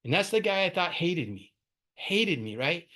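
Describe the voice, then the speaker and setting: A man's voice: high-pitched, sing-song, moderate pace, pushed and bright. A middle-aged man telling a candid recovery story at a meeting, with frequent "right?" asides. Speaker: speaker sharing recovery story. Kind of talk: recorded twelve-step share.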